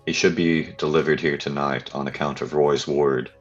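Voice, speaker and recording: A man's voice: very deep voice, steady tone, normal speed, highs cut off, faint music behind. A man playing a character in a tabletop role-playing game, speaking earnestly in character. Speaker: player.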